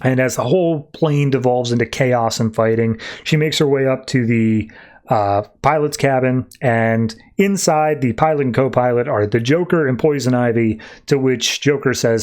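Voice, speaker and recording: A man's voice: medium pitch, normal speed, a little mellow. A man hosting a podcast, recapping a comic issue in a loose, conversational way with frequent fillers. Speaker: podcast host. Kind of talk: casual comic book recap.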